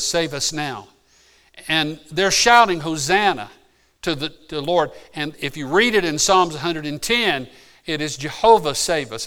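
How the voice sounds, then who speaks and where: Male pastor, slightly high smooth voice, teaching sermon that swells into fervent emphasis, frequent restarts. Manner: builds from calm teaching to fervent emphatic preaching; repeats and restarts words mid-phrase.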